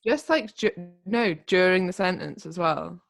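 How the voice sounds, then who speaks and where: A woman's voice: lowish voice, lively intonation, a little slow, vocal fry. A young woman co-hosting a podcast, chatting casually in a giggly, self-conscious way. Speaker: podcast co-host. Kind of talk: casual chat.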